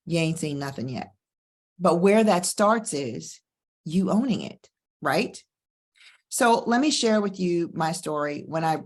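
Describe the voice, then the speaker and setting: Middle-aged woman coach talking it up, low-ish voice, punchy slow emphasis on key lines. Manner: emphatic, preacher-like cadence with slow stressed phrases. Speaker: divorce coach, podcast host. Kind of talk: motivational monologue and personal story.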